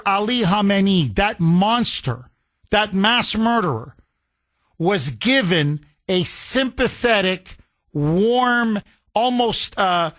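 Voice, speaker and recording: A man's voice: high-pitched, a bit bright. A male talk radio host, delivering an emphatic, opinionated monologue full of rhetorical questions.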